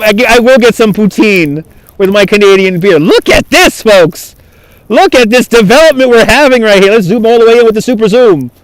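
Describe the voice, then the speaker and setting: A man with a fairly high voice hosts a live stream outdoors, speaking into a phone on a gimbal. He chats loosely and laughs often as he thanks viewers by name. The sound is dry and close. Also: clear, resonant tone, no room sound. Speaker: livestream host. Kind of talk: live walking stream chat. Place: outdoors on a cold waterfront.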